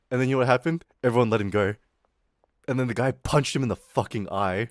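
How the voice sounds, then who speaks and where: A man's voice: medium pitch, quick pace, dry recording, studio quality. A man streaming live and telling a story in a rambling, profane way, full of fillers. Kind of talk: casual storytelling on a livestream.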